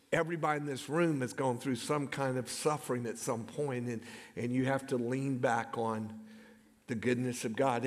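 A middle-aged man, a pastor preaching a sermon, telling personal stories and calling out to the congregation. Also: a little high. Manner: storytelling, calls "come on, somebody". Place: church sanctuary. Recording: long hall reverb.

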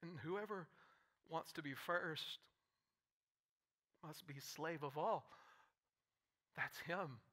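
A man preaching a live sermon as pastor, animated and full of quick restarts and asides. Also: fairly high pitch.

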